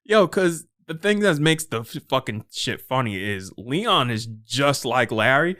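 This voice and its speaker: A man co-hosting a casual podcast chat, animated and laughing, acting out scenes from shows. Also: mid-range voice, measured pace. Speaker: podcast co-host.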